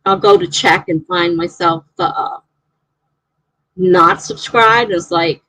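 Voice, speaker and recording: A woman's voice: on the low side, slow, bright, forceful tone, no echo, poor audio. A woman hosting a live stream, chatting casually and reading out viewer comments in a rambling way.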